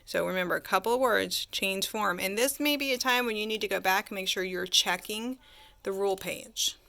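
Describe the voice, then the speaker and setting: A woman's voice: medium pitch, moderate pace, creaky, bright, forceful tone. A woman teacher giving a chatty grammar lesson, asking her class questions and answering them herself.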